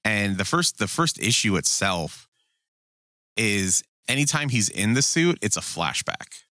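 Brief: male co-host with a low, bright voice, swearing freely in animated banter. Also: no echo, studio quality. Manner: profane, animated, quick to act out quotes. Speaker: podcast co-host. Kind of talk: casual chat.

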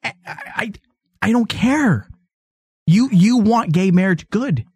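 A man's voice: high-pitched, animated, takes it slowly, darkish tone, slightly rough, no echo. A man hosting a radio talk show, talking bluntly and casually and laughing easily. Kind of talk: casual opinionated banter.

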